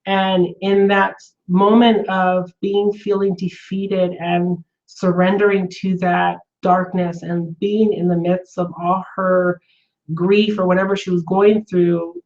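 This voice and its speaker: A woman's voice: on the low side, little pitch movement, slow, a little mellow. Earnest rambling woman, dull lo-fi recording. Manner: earnest, rambling, with frequent fillers and restarts. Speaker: vlogger. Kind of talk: casual personal storytelling.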